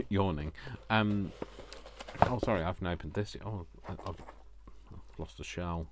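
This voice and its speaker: Male craft vlogger, deep and unhurried, effusive self-talk with a faint hiss behind. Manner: gushing, gasping and talking to himself. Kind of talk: casual unboxing chat.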